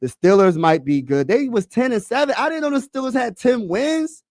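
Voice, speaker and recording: A man hosting a casual sports talk livestream, excitable and slangy, repeating himself and talking to his chat. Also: very high voice, normal speed, dry recording, studio quality.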